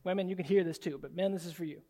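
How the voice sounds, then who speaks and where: Guy preaching a sermon, high voice, gets loud then goes real quiet. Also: racing. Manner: animated, swings from soft and low to loud and high. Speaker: pastor. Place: church sanctuary.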